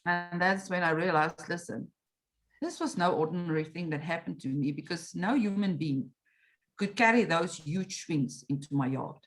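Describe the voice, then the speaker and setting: Speaking at normal speed in a voice on the low side, a middle-aged meditation coach shares a story as an interview guest. She brings it to life by acting out her past reactions and quoting herself and others.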